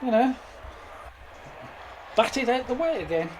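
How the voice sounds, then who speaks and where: A player speaking in character, halting and full of fillers. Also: medium pitch, very animated, a little hiss or hum, poor audio.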